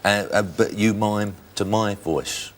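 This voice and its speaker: A man's voice: lowish voice, slow, very noisy. A man hosting a TV chat show, coaxing his guest along in a jokey way. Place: TV studio before an audience. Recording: TV studio with loud audience.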